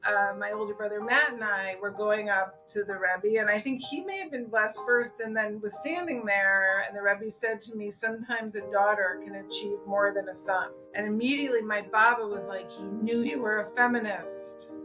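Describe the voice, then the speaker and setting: A middle-aged woman speaks as a podcast guest and shares family memories. Her telling is reflective and unhurried. Plucked guitar music plays clearly underneath. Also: mid-range voice, poor audio. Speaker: interview guest. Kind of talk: casual interview.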